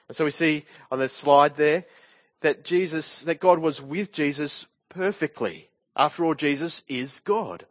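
A man's voice: fairly high pitch, dry recording, muffled recording. A man preaching a sermon from a church pulpit, walking through a passage and closing his points with rhetorical tag questions.

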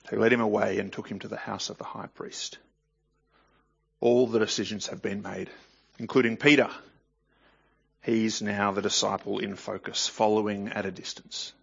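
A man's voice: fairly low pitch, flat delivery, a little slow, creaky, long pauses, husky, muffled recording. A man reading scripture aloud and commenting on it in a conversational way, often asking the listener rhetorical questions. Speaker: Bible teacher.

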